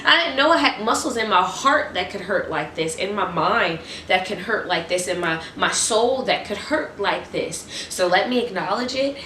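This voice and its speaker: Woman, restless excited faith talk, repeated refrains, distant mic, faint background hum. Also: medium pitch, normal speed, hardly any pauses. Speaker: Christian vlogger. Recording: roomy echo, distant mic.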